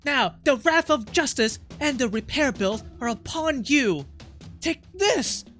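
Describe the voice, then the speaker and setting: Brief: streamer voicing a young male anime hero, righteous and loud, high and strained, yelled declamation. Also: animated, measured pace, soft background music. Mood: heroic shouting. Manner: bold heroic declamation, yelled. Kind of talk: reading game dialogue aloud in a put-on voice.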